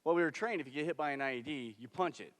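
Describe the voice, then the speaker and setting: Young man, veteran, frank conversational storyteller, a bit high in pitch, big reverberant theater sound. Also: racing, a bit bright. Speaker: military veteran. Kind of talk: staged personal storytelling. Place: theater stage. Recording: long hall reverb from a stage.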